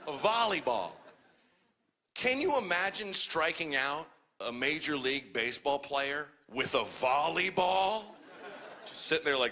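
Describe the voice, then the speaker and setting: A man's voice: fairly high pitch, a little slow. A man doing a profane stand-up comedy set on a club stage, telling stories and acting out other people's voices. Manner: profane, animated storytelling with acted-out voices.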